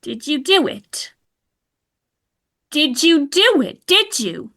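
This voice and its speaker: Woman playing a frantic wife, high bright voice, keeps pressing. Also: big pitch swings, slow, exaggerated voice. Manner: urgent, pleading questions. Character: shocked, angry young British wife.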